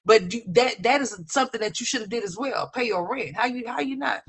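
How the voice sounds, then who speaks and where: A woman commentator ranting with incredulous, profane, rapid-fire talk full of restarts. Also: on the high side, slightly rough.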